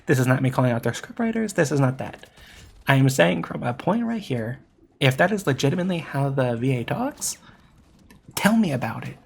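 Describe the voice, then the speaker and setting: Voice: medium pitch, sing-song, brisk, vocal fry, slight background noise. A VTuber commentator giving an opinionated monologue critique of a game. The speaker stresses points by repeating them and often corrects themselves mid-sentence with filler words.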